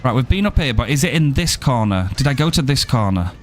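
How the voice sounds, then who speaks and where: A man's voice: medium pitch, very animated, fast talker, faint music behind. A young man streaming a game, joking around and swearing casually as he plays. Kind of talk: live gameplay commentary.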